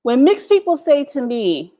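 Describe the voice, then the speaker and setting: An American vlogger hosts a live stream from home, ranting brashly and profanely to her viewers and laughing often, all caught on her laptop's built-in mic. Her voice is high and sing-song, with a measured pace and a dark tone. It's a candid, unscripted rant.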